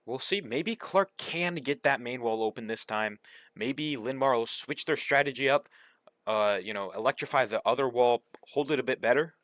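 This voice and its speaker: A man giving measured, speculative color commentary on a competitive video game match. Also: mid-range voice, a bit bright, dry recording. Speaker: esports caster. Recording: dry close mic.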